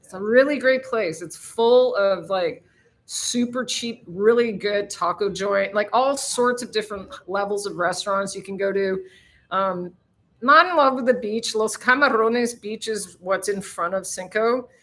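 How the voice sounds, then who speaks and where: Woman, live-stream host, bright tone, chatty, cussing, laughs a lot. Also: medium pitch, a little slow. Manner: chatty, swears freely, laughs often. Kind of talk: casual live-stream chat with viewers.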